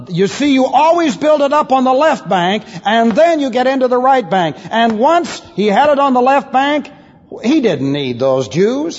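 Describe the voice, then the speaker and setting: A high-voiced man preaching with wide, swooping pitch and a slightly husky tone. He teaches from scripture with emphatic rhetorical questions. The recording is dull and lo-fi, with long reverb from a large hall. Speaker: pastor. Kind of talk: expository Bible teaching.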